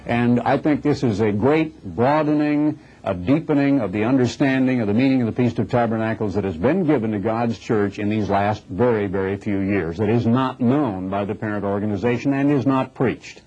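A man preaching a recorded sermon, emphatic and slowing down on key phrases, from the United States. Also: mid-range voice, dark tone. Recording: dull lo-fi recording with faint music.

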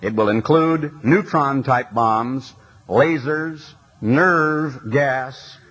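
A man's voice: mid-range voice, a bit bright, slightly rough, poor audio. A man preaching an impassioned sermon in a large arena, reading scripture aloud and building lists in a rising cadence.

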